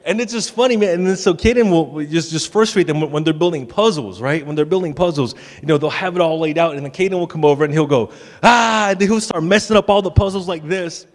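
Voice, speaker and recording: A man's voice: a little high, quick pace, hardly any pauses. A man in his thirties, a pastor giving a sermon in a casual, joking way with stammered restarts. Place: church sanctuary. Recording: long church hall reverb.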